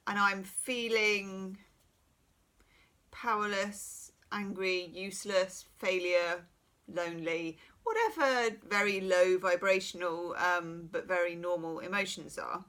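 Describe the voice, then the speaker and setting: A middle-aged woman talks through a private tarot reading in a frank, chatty way, doubling back with asides. Her voice is bright and forward, and a little worn, since she is losing it. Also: medium pitch, takes it slowly. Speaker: tarot reader.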